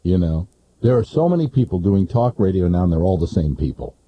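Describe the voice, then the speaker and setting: A man who is a radio talk show host, appearing as a guest and talking haltingly, often repeating his first words. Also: low-pitched, big pitch swings, dark tone, a little hiss or hum. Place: radio studio. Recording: muffled lo-fi radio broadcast.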